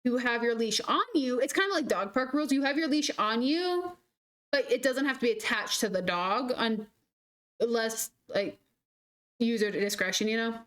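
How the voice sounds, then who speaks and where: A woman's voice: a little high, moderate pace. A young adult woman streaming a game, telling rambling stories in casual chat with lots of "like". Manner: rambling, animated storytelling full of "like". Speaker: gaming streamer. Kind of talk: casual chat while gaming.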